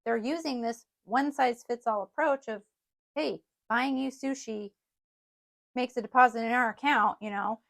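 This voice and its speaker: A woman's voice: a little high, normal speed, creaky, fairly bright tone. A middle-aged woman co-hosting a casual parenting podcast, explaining ideas earnestly with light laughs. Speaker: podcast co-host.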